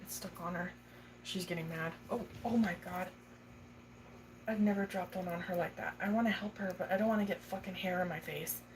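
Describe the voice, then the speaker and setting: A woman's voice: fairly low pitch, steady tone, a little fast. Young woman, casual livestream chat, swears freely, coos at her pet, phone mic, noisy audio. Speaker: tarantula keeper livestreaming.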